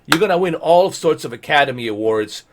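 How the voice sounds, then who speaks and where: A man's voice: fairly high pitch, expressive, a little fast, noisy background. A man ranting sarcastically and with exasperation in a commentary vlog. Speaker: gaming commentator.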